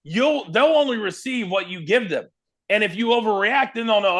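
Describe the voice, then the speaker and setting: A high-pitched man speaking at normal speed, formerly a wrestling broadcaster and from Kansas, USA, tells stories in a laid-back interview. He acts out the quotes with animation.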